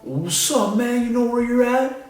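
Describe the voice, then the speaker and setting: A man voicing a drunk, hostile male street thug who shouts aggressive questions. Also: very high-pitched, extremely slow, pitched above the performer's own voice, heavily acted. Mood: menacing. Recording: echoey room, distant mic.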